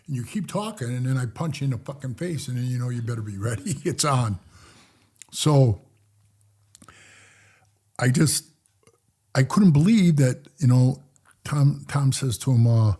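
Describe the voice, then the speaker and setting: A middle-aged man telling prison stories as a podcast guest, blunt and profane, often dropping to low mutters as he recounts conversations. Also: lively intonation, normal speed, mellow, husky. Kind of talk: casual storytelling interview.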